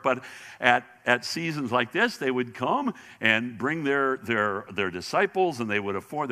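Animated man teaching in a reverberant hall. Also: medium pitch. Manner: animated, repeats words as he restarts. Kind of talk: sermon-style Bible lesson.

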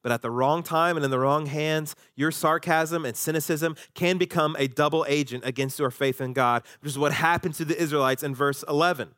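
A man preaching a sermon as pastor, animated, jumping up in pitch when he acts out quoted voices. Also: fairly quick, hardly any pauses, no room sound, clean studio sound.

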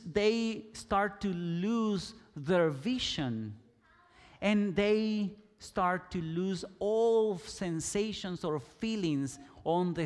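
Male preacher, fairly high voice, deliberate slow delivery, big hall reverb. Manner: slow and emphatic, with bursts of loud shouting. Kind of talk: sermon.

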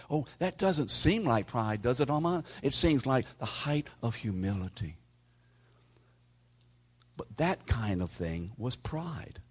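A pastor with a husky, mid-range voice preaches a sermon in a conversational style. He calls out listeners by name and drops to a hushed whisper for emphasis.

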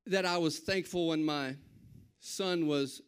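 High-voiced male preacher. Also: slow pace, clear, resonant tone. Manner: conversational preaching, rising to bold declarations. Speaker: pastor. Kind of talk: sermon.

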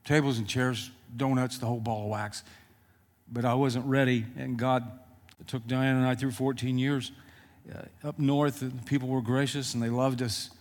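A man preaches to his congregation, sharing personal memories with an emotional, halting delivery. His voice sits at an ordinary middle pitch. The sound carries a long reverb, as in a large church. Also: level tone, a little mellow. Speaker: pastor. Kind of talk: sermon.

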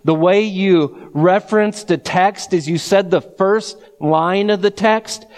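A man's voice: high-pitched, slow pace. A man preaching a sermon, reading scripture aloud and building to fervent emphasis. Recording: long hall reverb.

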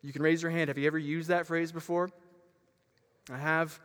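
Animated preaching man, echoey gym. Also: fairly high pitch, moderate pace, clear, resonant tone. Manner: animated, with frequent fillers and restarts. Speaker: pastor. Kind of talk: storytelling sermon. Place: church gym. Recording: long hall reverb.

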